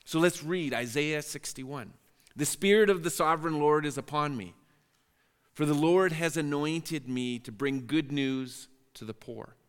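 A man's voice: fairly high pitch, a little slow, clear, resonant tone, in a large hall. A man preaching a sermon as pastor, earnest and prone to repeating words as he restarts phrases.

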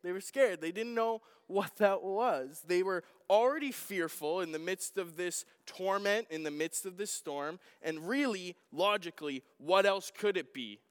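A man preaches in a casual, conversational way, now and then asking the congregation questions. His voice is fairly high and smooth, and it carries a long hall reverb. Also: unhurried, few pauses. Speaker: pastor. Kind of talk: sermon.

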